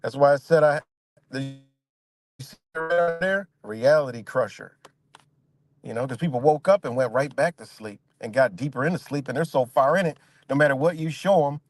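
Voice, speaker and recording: A man hosting a casual livestream, ranting in a rambling, profane way and mimicking other people in high voices. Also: normal speed, faint music behind. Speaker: livestream host.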